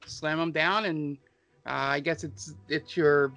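Bright-voiced male game master. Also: on the high side, a little slow, soft background music. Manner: relaxed, filler-heavy narration. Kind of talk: narrating a tabletop game.

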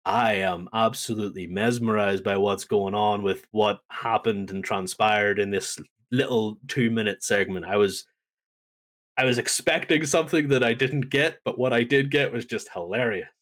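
A man on a podcast casually recapping a wrestling show, telling it as a lively story and acting out the lines. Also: lowish voice, moderate pace. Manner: animated storytelling, acts out quotes. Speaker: podcast co-host.

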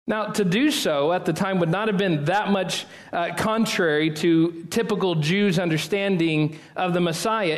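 A man preaching a sermon in church as pastor, opening in prayer and speaking earnestly, building to emphatic peaks and dropping low and slow at phrase ends.

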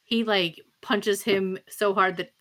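A woman co-hosting a podcast, chiming in with quick, sarcastic remarks as she recaps a TV episode. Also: medium pitch, fairly even intonation, a bit bright. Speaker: podcast co-host. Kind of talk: casual chat recapping a TV episode.

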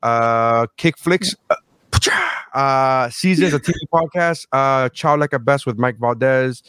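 A man hosting a casual podcast, telling stories profanely and loudly quoting himself. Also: mid-range voice, a little slow, smooth, dry recording. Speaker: podcast host.

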